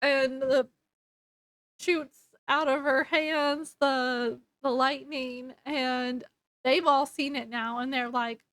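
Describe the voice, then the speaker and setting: A woman chatting through a book's plot on her review channel, wandering through the story with fillers and quick corrections. Her voice sits high, and she takes her time. The recording is close and dry. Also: fairly even intonation, fairly bright tone, no room sound. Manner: rambling, hesitant, with fillers and self-corrections. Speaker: book reviewer. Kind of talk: casual book review vlog.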